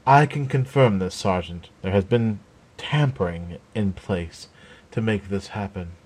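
A man voicing a grave, solemn male forest guardian who speaks in a low, measured way in a storybook reading. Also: a little mellow, slightly rough.

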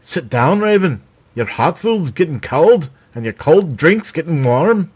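A man's voice: medium pitch, animated, unhurried. A man voicing an easygoing, folksy male sergeant in a storybook reading. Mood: coaxing.

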